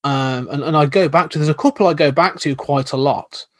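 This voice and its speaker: A man's voice: a little high, brisk, dry recording. A man, a podcast guest, telling stories in an enthusiastic, rambling, casual way. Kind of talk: casual chat.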